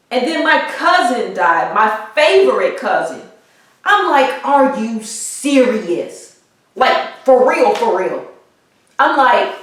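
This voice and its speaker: A woman talks slowly to her viewers in a personal vlog, a bit high in pitch. She stumbles and repeats herself, grieving but pushing on. Her voice sits back from a weak microphone in a very echoey room. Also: fairly bright tone, distant mic. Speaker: vlogger. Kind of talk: personal vlog, emotional storytelling. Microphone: weak built-in microphone.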